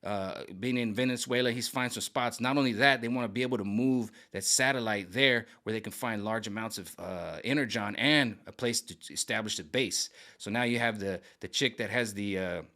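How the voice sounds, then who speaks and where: A man casually pitching his own version of a film's story. He rambles, searches for words with many fillers, and keeps checking in with "right?" and "okay?". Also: fairly quick, few pauses, pushed and bright. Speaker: fan video creator. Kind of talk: casual pitch of a film rewrite.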